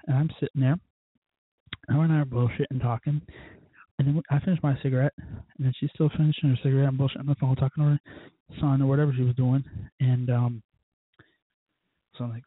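Casting note: husky, slightly high male host, tinny phone sound, rambling and profane. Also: quick pace, dry recording. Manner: profane, rambling, self-mocking. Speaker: podcast host. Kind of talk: casual storytelling monologue.

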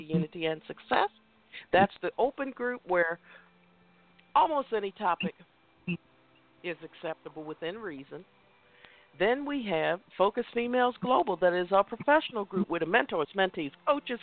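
A woman hosting a motivational talk show, speaking emphatically and repeating affirmations slowly. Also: medium pitch. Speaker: host. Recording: tinny phone line.

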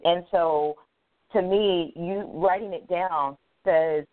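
A woman's voice: on the low side, fairly even intonation, slow pace, no room sound. A woman on a church women's panel, responding reflectively and affirming another speaker. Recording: tinny phone-line audio.

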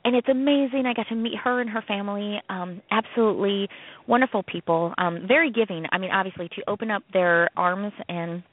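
A woman co-hosting a casual radio chat, telling a story in an animated way and acting out quoted voices. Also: mid-range voice, a little fast. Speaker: co-host, comedian. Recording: tinny phone-like radio sound.

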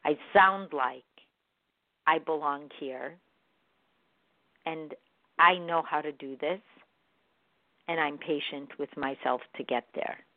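A woman hosting a morning show, talking in a gentle, encouraging way about dreams and self-love with repeated soothing phrases. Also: deep voice, slow pace, pauses often, no echo. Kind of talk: spiritual self-help talk. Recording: phone-like narrow sound.

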